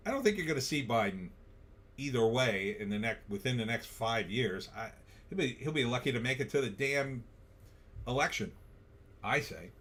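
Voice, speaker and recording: A man's voice: medium pitch, expressive, moderate pace, fairly bright tone. A man hosting a political livestream, blunt and sarcastic, reading viewer comments aloud. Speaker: livestream host.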